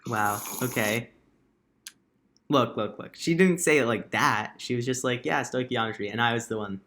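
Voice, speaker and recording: A teenage boy in high school co-hosting a live stream, explaining chemistry in a relaxed, slightly sheepish way. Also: normal speed. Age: teens. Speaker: podcast co-host. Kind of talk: casual quiz banter on a live stream.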